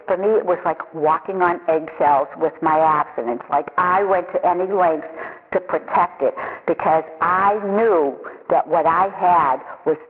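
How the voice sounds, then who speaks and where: A woman telling her personal recovery story in a halting, confessional way, often repeating her words. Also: lowish voice. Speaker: recovery program member sharing her story. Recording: tinny phone-line sound with long echo.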